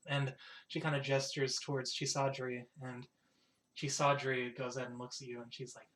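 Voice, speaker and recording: A man's voice: medium pitch, level tone, normal speed, a bit bright. A man narrating as game master of a tabletop game, rambling and full of fillers.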